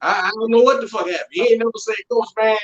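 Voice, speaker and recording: Man, boxing coach, blunt and profane, slightly high voice, echoey muffled live-stream sound. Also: very fast. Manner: blunt, profane, animated storytelling. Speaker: boxing strength and conditioning coach. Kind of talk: casual podcast chat.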